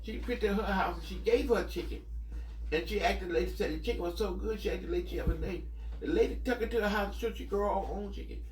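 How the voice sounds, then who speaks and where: In an echoey room, recorded from a distant mic, a Mississippi man from the US South rambles through profane childhood memories, laughing often mid-story. His voice is high-pitched and a little fast, the style of a storyteller casually reminiscing.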